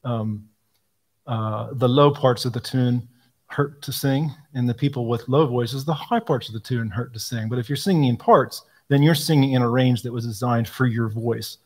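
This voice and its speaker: A man answering questions about a hymnal, explaining thoughtfully with frequent pauses and ums. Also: mid-range voice. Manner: thoughtful, explanatory, frequent ums, quotes hymn lines aloud. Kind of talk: live Q&A talk.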